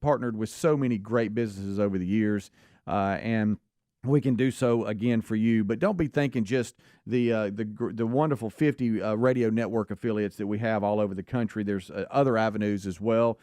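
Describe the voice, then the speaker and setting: A man's voice: lowish voice, fairly even intonation, a little fast, warm tone, no room sound, clean studio sound. A man co-hosting a talk radio show, rambling casually through a sponsor plug with many fillers and restarts. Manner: loose, filler-heavy delivery with frequent restarts. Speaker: radio co-host. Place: radio studio.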